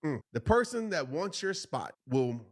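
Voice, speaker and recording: A man's voice: a little high, big pitch swings, a little slow. A man hosting a motivational podcast, preaching to listeners in an emphatic voice and repeating phrases for stress. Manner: addresses listeners directly as "y'all" and "bro". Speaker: podcast host and motivational speaker.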